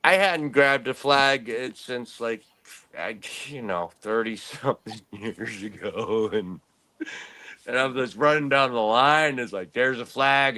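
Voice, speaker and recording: A man's voice: medium pitch, sharp tone, clean tone. A man in his late fifties, a podcast host, telling rambling stories in casual chat and laughing often. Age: 50s.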